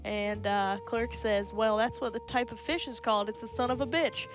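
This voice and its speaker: A woman's voice: on the high side, normal speed, over music. A woman telling a long joke on a stream, playfully giving each character a little voice of their own. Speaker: stream co-host. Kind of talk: telling jokes aloud.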